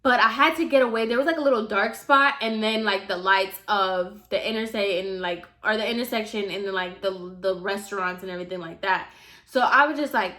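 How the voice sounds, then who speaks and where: Bright, chatty woman vlogger. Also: medium pitch, a little fast. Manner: chatty, heavy use of "like", addresses viewers directly. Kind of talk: casual storytime vlog.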